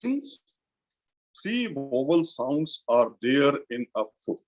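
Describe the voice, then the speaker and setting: An Indian college lecturer, male, with an Indian English accent, walks slowly through a literature lesson and repeats key terms for emphasis. His pitch is medium and his delivery animated, though the audio sounds dull.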